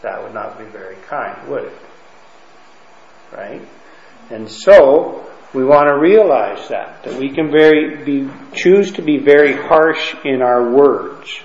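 A man's voice: medium pitch, takes it slowly, a little mellow. A man teaching a Bible lesson to a class, talking conversationally and often checking in with his listeners. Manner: conversational, keeps checking in with "okay?" and "right?". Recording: roomy, dull lo-fi room recording.

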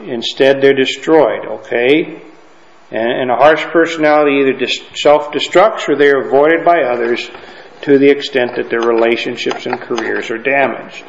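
A man teaching a Bible lesson to a class, talking conversationally and often checking in with his listeners. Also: medium pitch. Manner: conversational, keeps checking in with "okay?" and "right?". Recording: roomy, dull lo-fi room recording.

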